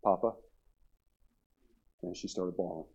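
Middle-aged guy preaching at a church revival, deepish voice, keeps restarting words, lo-fi sound. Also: brisk, mellow. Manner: storytelling with frequent repeated restarts. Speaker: pastor. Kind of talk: sermon. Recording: dull lo-fi sound.

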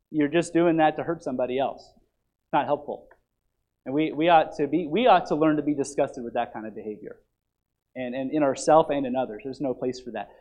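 A man's voice: on the high side, a little mellow. A man teaching a Bible lesson in an earnest, emphatic way, repeating key phrases for stress.

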